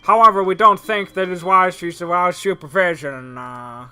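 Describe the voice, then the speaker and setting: A man's voice: high-pitched, moderate pace, pushed and bright, clean tone, soft background music. A man reading a pompous male doctor from a visual novel in a hammy, mock-formal voice. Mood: mock-serious. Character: pompous male doctor who blurts nonsense.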